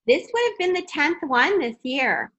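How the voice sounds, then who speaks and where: A woman's voice: sits high, very animated, moderate pace, fairly bright tone, muffled recording. A woman, a parent of young athletes, reminiscing in a casual chat and often repeating words as she starts a sentence. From Texas. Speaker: parent of water polo players.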